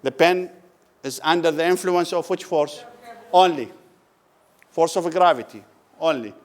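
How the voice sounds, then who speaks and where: This male physics lecturer, his voice a little high, delivers a classroom lecture slowly and in a questioning way. Putting questions to the class and then answering them, he lingers over key words and repeats them, all in a lecture room.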